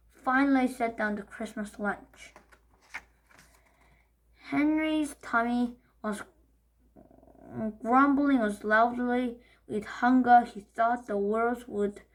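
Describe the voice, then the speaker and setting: A woman whose first language is Korean, reading a children's book aloud slowly, carefully and expressively. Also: a little high, poor audio. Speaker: storybook reader.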